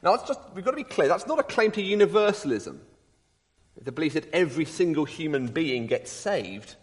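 A middle-aged man preaches a sermon in an earnest, lively way, weaving in homely stories. His voice sits fairly high and swings widely in pitch as he presses his points. A long reverb from the hall trails behind every phrase. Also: a little fast. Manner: earnest, lively, with personal anecdotes and rising emphasis.

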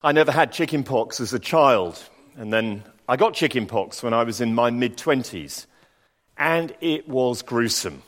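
A man preaching a sermon. He reads scripture slowly, then tells personal stories with dry asides. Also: mid-range voice, expressive, a bit bright, big-room sound.

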